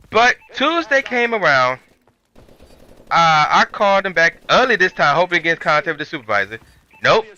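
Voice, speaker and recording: A man's voice: on the high side, bright, forceful tone. A man ranting in casual, colloquial commentary over gameplay, telling an exasperated story with lots of animation. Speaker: gaming channel host.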